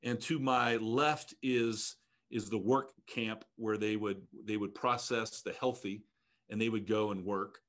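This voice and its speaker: A ministry leader in his fifties, guesting on an interview, shares his personal story earnestly and reflectively. His fairly low, somewhat bright voice is steady and unhurried, though he often halts and restarts sentences.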